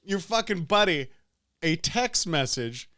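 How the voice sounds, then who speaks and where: A man's voice: high voice, expressive, measured pace, sharp tone. A man co-hosting a podcast in casual chat, profane and emphatic, laughing often. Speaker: podcast co-host.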